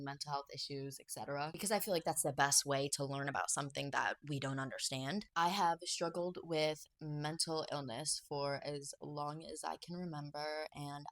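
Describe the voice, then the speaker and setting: A woman giving personal commentary to camera, speaking slowly and haltingly, soft and emotional. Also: sits low, fairly even intonation. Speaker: video essay creator.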